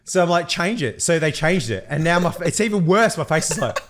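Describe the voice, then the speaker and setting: A man co-hosts a podcast with a fairly high, very lively voice. He tells stories with frequent laughter and loose swearing, in a relaxed chat style. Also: a little fast, background noise. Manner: laughing, swearing, animated storytelling. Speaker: podcast co-host. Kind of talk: casual chat.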